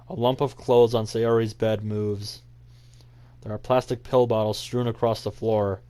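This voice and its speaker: A man's voice: lowish voice, level tone, a little slow, warm tone, smooth. A man hosting a let's play, reading a visual novel aloud and reacting with exasperated asides.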